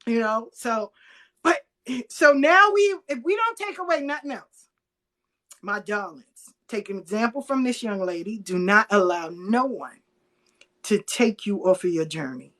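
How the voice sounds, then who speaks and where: A middle-aged woman telling stories in a casual, animated chat, acting out the voices of the people she quotes. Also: mid-range voice, unhurried.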